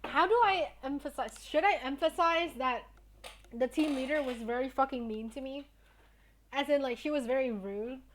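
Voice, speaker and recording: A woman's voice: high voice, moderate pace, a little hiss or hum. A young woman streamer chatting casually with her viewers, telling a story in a blunt, indignant way and swearing often.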